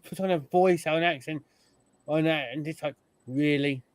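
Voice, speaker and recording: A man's voice: fairly high pitch, steady tone, a little fast, dry recording. A man hosting a casual podcast chat, telling stories and mimicking the people he describes. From United Kingdom. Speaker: podcast host.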